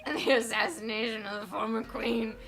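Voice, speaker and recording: A woman voicing a stern elderly male judge in a fan dub of a game, formal and deliberate in a lowered voice. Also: level tone, over music, close to an everyday voice. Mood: solemn. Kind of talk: fan voice acting over a game.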